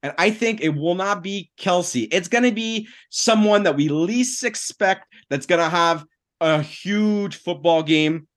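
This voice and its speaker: A man co-hosting a sports podcast, making bold, animated predictions in casual talk. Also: sits high, unhurried. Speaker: podcast co-host.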